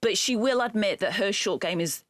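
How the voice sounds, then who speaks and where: A woman hosting a podcast, asking questions and reacting with quick, encouraging remarks. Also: medium pitch, no echo. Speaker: podcast host. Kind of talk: casual interview.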